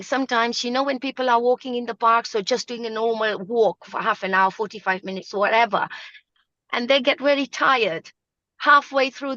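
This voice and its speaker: A woman's voice: a little high, a bit bright, dry recording, lo-fi sound. A woman teaching yoga mudras on a live video call, emphatic and repeating her points. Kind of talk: live online talk show.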